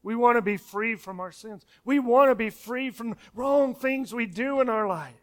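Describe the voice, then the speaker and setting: A man preaches a sermon in a high, smooth, clear voice. He pushes his points with emphasis and repeats words as he speeds up. Key phrases fall away into a soft hush. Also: moderate pace. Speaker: pastor.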